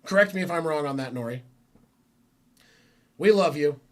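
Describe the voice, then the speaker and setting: A man's voice: fairly high pitch, very animated, normal speed, pushed and bright. A man hosting a live football reaction stream from home, talking casually in a rambling, self-correcting way. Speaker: sports stream host.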